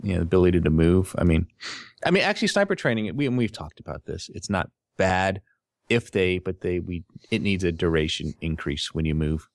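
A man hosting a casual gaming podcast, reading out listener questions in a relaxed, hesitant way. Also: low voice, fairly quick, creaky, dry recording, studio quality. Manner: relaxed, hesitant, many fillers. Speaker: podcast host.

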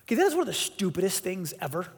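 A man preaching a sermon, telling a story with animated, emphatic delivery and voiced quotes. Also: sits high, very fast, husky. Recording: long hall reverb.

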